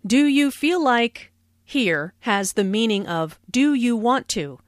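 Slow, careful woman teaching English. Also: on the high side, expressive, dry recording, studio quality. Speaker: language teacher. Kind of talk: scripted English lesson narration.

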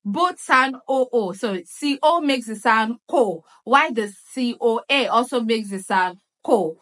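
Woman pronunciation coach, unhurried, fairly high voice, leans hard on stressed syllables. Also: lively intonation, a bit bright. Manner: deliberate, drills syllables with exaggerated stress. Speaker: pronunciation teacher. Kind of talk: pronunciation lesson.

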